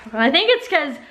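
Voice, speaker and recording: A woman's voice: high voice, noisy background. A woman from Texas vlogging at home, chatting casually with lots of laughter as she tells stories. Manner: chatty, laughing often, storytelling. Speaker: vlogger, mother. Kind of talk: casual chat. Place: family home, indoors.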